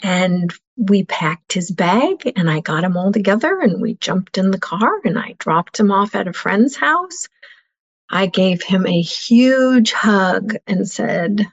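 A woman's voice: mid-range voice, lively intonation, takes it slowly, lo-fi sound. A middle-aged woman telling a painful personal story as an interview guest, earnest and heartfelt.

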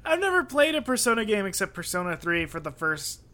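A young man co-hosts a casual podcast, goofy and self-deprecating, throwing in crude jokes. His voice is bright and forceful with a slightly high pitch. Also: very animated, a little fast. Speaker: podcast co-host.

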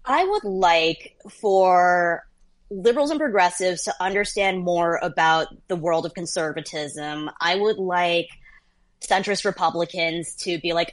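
A woman in her thirties, a journalist guest, telling stories in a lively, casual interview chat. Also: on the low side, unhurried. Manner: lively storyteller, laughs between phrases.

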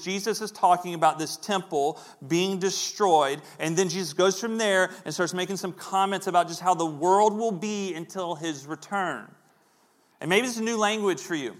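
A middle-aged man gives a sermon as though chatting with the congregation. His voice sits a bit higher than most men's, and he slips into other people's voices when he quotes them. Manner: conversational, acts out voices in quotes. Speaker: pastor.

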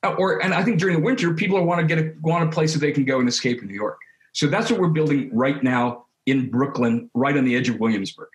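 Picture a man chatting as an interview guest, his voice sitting a little high, recorded in a room that rings with echo. He speaks in an animated, casual way, often restarting and repeating words as he goes. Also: fast talker. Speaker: interview guest, creative studio head. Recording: roomy echo.

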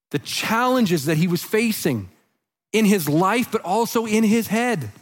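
Male pastor, higher voice, earnest conversational sermon, softens on heavy lines. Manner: drops soft and low on heavy lines.

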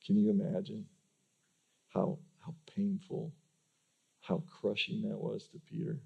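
A man's voice: on the low side, big pitch swings, unhurried, gravelly, slightly rough, phone-quality sound. A male pastor giving a conversational sermon, often restarting sentences by repeating words.

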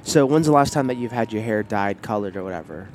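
A man's voice: lowish voice, lively intonation, quick pace, darkish tone, a little hiss or hum. Playful joking man hosting a podcast. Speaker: podcast host. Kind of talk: casual chat.

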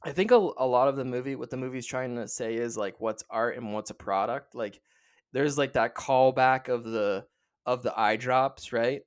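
A man's voice: medium pitch, normal speed, clean tone. A man co-hosting a podcast, chatting casually about a movie and retelling scenes with frequent restarts. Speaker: podcast co-host. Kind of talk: casual chat, film discussion.

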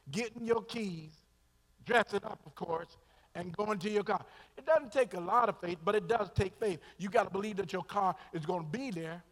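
A man preaching a sermon, calling on the congregation to answer back, slow and emphatic, swinging from loud to quiet. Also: sits high. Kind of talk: call-and-response sermon. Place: church sanctuary. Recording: long hall reverb.

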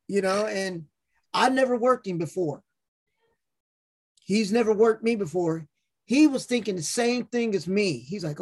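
A man's voice: sits high, measured pace, long pauses. A man hosting a podcast, telling stories casually with lots of profanity and acted-out quotes. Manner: profane, animated storyteller acting out quotes. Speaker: podcast host. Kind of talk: casual storytelling.

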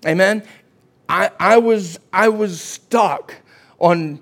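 A man preaching a sermon as pastor, often asking "Amen?" and rising to a shout at his climaxes. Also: on the high side, fairly even intonation, unhurried.

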